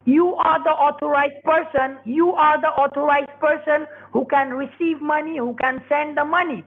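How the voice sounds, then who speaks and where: A man's voice: extremely high pitch, fairly even intonation, normal speed. A man on a scam phone call, speaking broken English and pushing hard, then coaxing. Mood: pushy. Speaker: scam caller.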